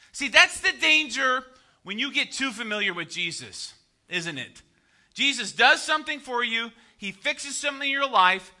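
A pastor preaching with a light lilt, his high voice ringing bright and forceful. He keeps it conversational and jokey, checking in with the congregation with quick "right?" asides. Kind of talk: sermon.

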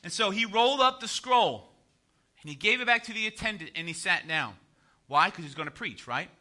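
Bright, high-voiced joking pastor. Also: male voice, animated, brisk. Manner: joking, conversational preaching with rhetorical "right?" asides. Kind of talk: sermon.

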